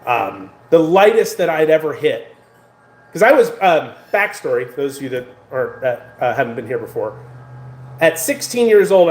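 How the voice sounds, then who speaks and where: Rambling man in an echoey room. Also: a little high. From United States. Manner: rambling, animated, many fillers and restarts. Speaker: vlogger. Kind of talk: casual vlog monologue.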